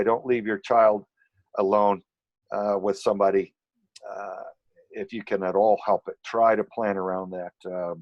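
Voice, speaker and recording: Earnest man with a dry, lowish voice. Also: no room sound. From United States. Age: middle-aged. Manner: earnest, measured advice. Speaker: guest. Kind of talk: casual conversation.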